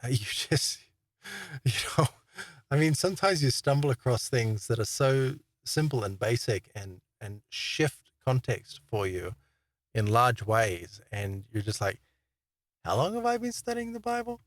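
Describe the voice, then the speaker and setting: A man's voice: medium pitch, unhurried, no room sound. A man hosting his own channel, talking casually and rambling through a monologue with many fillers, restarts and chuckles. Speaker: online Bible teacher and channel host.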